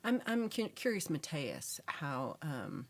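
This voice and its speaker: Texas woman hosting a chill livestream, lower voice, talks all over the place, goes whispery sometimes. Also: takes it slowly. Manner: chatty and animated, often dropping to a whisper. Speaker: livestream host. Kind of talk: casual livestream chat reading viewer comments.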